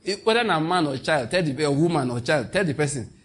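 A man's voice: on the high side, expressive, fast talker. A man with a Nigerian accent preaching a sermon with passion, slipping into pidgin asides. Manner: impassioned, mixing in pidgin asides.

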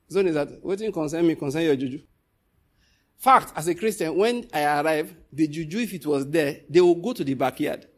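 A man preaching a sermon, telling stories and scolding his listeners, with a husky voice. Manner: animated, swings from loud scolding to low storytelling.

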